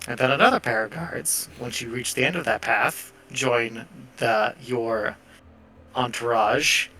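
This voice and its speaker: A man narrating a tabletop game as game master, relaxed and hesitant, with frequent fillers. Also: mid-range voice, a little slow, faint music behind.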